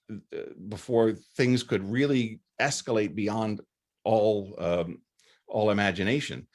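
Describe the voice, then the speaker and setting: Guy giving a college lecture, lowish voice, earnest, keeps restarting his sentences. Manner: earnest, conversational, many restarts and fillers. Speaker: faculty lecturer. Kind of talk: recorded lecture.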